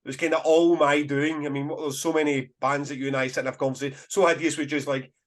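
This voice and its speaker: A man's voice: a little high, fast. A Scottish man, a festival promoter, telling stories in a casual podcast chat with bursts of laughter. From Scotland. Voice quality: animated storyteller, bursts of laughter.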